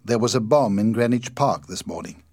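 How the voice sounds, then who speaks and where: A man reading the part of an agitated, angry male anarchist, pressing and indignant, in a husky, animated voice. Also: lowish voice, moderate pace, dry recording, studio quality.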